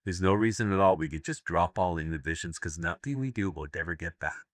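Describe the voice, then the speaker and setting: A man speaking live at a seminar, with an audience in the room, delivers crude jokes framed as stories and laughs at his own punchlines. His voice sits low and moves briskly, with no room sound in the recording.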